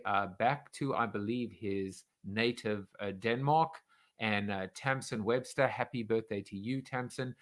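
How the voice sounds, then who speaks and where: A man's voice: medium pitch, fairly bright tone. Chatty man hosting a live show. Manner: chatty, rambling with many fillers; enthusiastic announcement. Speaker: host. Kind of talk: live show host monologue.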